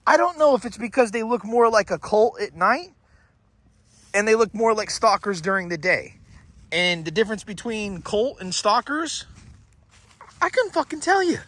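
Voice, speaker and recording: On a handheld phone vlog shot by a companion, a Florida paranormal vlogger with a Southern country accent rambles, cracks jokes and swears heavily. His voice is high and a bit bright, at a moderate pace, with no room sound.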